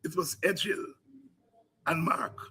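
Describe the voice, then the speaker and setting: A man hosting a political podcast, delivering impassioned commentary with rhythmic repetition that builds to shouts. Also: a little high, slow pace, breathy edge.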